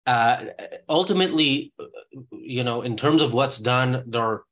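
A man hosting political commentary, talking in a halting way with many pauses and restarts. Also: mid-range voice, fairly bright tone. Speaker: show host.

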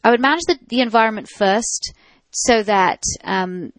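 A woman's voice: medium pitch, normal speed, no room sound. A woman, a dog trainer giving practical advice in a chatty radio talk, with many fillers and restarts. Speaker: dog trainer answering listener questions. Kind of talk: radio call-in advice chat.

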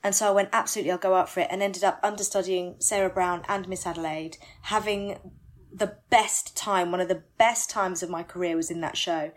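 Woman, stage actress, candid and animated, quick bursts when excited. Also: on the low side. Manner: animated, self-deprecating, rushes words when excited. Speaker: musical theatre actress, guest. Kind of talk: candid interview chat.

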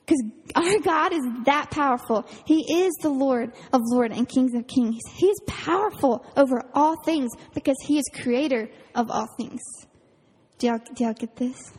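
High-voiced woman giving a chatty sermon. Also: normal speed, darkish tone, breathy edge. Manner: chatty, earnest, laughs often, fillers like "like". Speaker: camp counselor giving a devotional. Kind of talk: casual youth sermon. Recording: reverberant hall.

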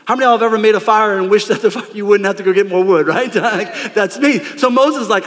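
A man preaching a lively, conversational sermon from a church stage, calling out to the congregation. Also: high voice, moderate pace, in a large hall. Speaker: pastor. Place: church sanctuary.

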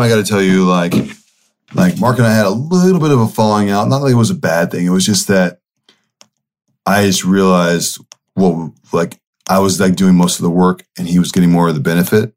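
A man's voice: low voice, darkish tone. A young man hosting a podcast and telling a personal story in a casual, candid way. He swears freely and often restarts his sentences. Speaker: podcast host.

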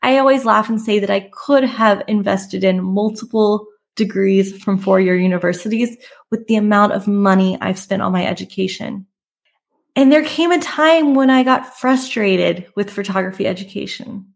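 A woman's voice: mid-range voice, normal speed, creaky. Woman host telling her own story. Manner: candid, conversational, with emphatic rises. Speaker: podcast host and photography business coach. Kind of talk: personal storytelling monologue.

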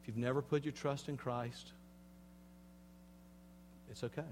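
A male pastor delivering a sermon, swinging between hushed, slow passages and loud, emphatic preaching, and speaking straight to the congregation with rhetorical questions. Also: medium pitch, fairly even intonation, a little hiss or hum. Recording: long hall reverb.

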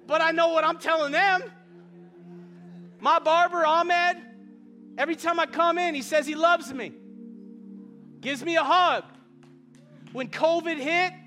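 A man preaching a sermon, impassioned and often shouting, mixing in humor and personal stories. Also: very high voice.

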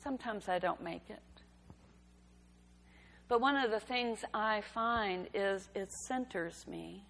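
A woman giving a sermon, telling a story in a gentle, unhurried way. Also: mid-range voice, creaky. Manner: slow, gentle storytelling delivery. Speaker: preacher. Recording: reverberant hall.

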